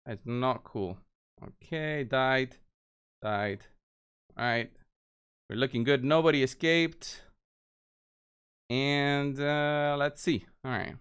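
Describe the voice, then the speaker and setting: Man, gameplay commentary, casual, step-by-step, smooth voice, mid pitch. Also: takes it slowly, pauses often, fairly bright tone. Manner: casual, explains moves step by step to viewers. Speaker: game video creator.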